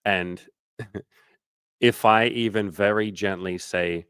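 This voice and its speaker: A man's voice: on the low side, fairly even intonation, slow pace, pauses often, a bit bright, clean tone, no room sound. A man working as a dating coach, answering questions on a casual livestream in a candid, loose way, swearing freely and using lots of fillers.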